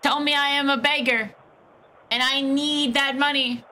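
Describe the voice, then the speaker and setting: Woman mocking a scammer, bright sharp voice, teasing then dropping low and menacing. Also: steady tone, measured pace, slight background noise. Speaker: scam baiter streamer. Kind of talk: taunting a scammer on a call.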